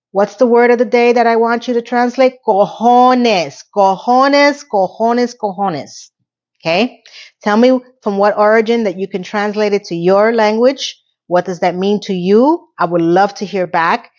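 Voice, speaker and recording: A woman in a casual TV recap vlog, rambling in a sarcastic, playfully exasperated way. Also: medium pitch. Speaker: TV recap YouTuber. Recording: slightly dull lo-fi audio.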